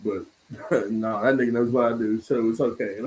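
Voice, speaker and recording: A man's voice: medium pitch, moderate pace, slight background noise, poor audio. A man hosting a casual talk stream, swearing often and laughing as he tells stories. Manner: profane, laughs often, animated storytelling. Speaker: podcast host. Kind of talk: casual chat.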